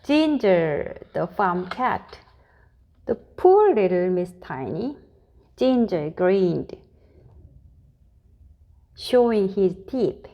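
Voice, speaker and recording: Female storyteller for a children's read-aloud; unhurried, deliberate, expressive delivery. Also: medium pitch, lo-fi sound. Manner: slow, deliberate, expressive reading.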